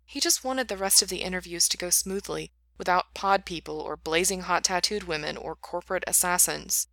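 A woman narrating a story in an even, steady reading voice. Her tone is bright and forward, with a slightly low pitch. The recording is dry and close. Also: a little fast, creaky, no room sound.

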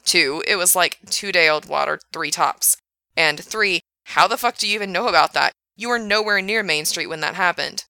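A woman's voice: fairly low pitch, normal speed, pushed and bright, no room sound. Woman reading as a flustered, swearing young guy. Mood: indignant. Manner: defensive, swears a lot. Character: brash young man, indignant and flustered.

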